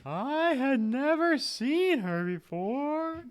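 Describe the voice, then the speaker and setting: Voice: sing-song, exaggerated voice. A game master putting on a wailing female ghost. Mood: timid, ghostly. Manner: high, wavering, drawn-out ghostly wail. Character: female ghost of a murdered young woman, timid.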